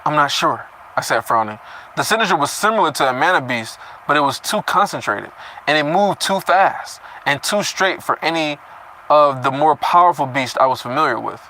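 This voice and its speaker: A man's voice: a little high, animated, moderate pace, bright, forceful tone, a little hiss or hum, rough recording. A man reading a story chapter aloud and breaking off into casual, profane comments on it. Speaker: reader reacting to a novel chapter.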